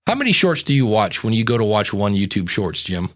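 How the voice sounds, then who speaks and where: A man's voice: on the low side, sing-song, brisk. A man hosting a podcast, chatting casually and telling a rambling story, acting out little asides as he goes. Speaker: podcast coach and host. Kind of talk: casual chat.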